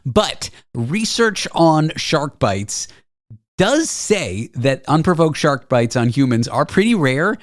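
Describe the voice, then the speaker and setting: A man's voice: fairly high pitch, sing-song, slow, dry recording, clean studio sound. A man hosting a radio talk show, joking and bantering playfully with his guest. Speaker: host.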